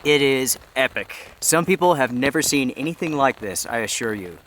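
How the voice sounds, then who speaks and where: An outdoor vlogger with an expressive mid-range voice chats upbeat at normal speed to the camera, out of breath as he shelters beneath a tarp in the woods. The audio is poor, with loud rain from the heavy downpour around him.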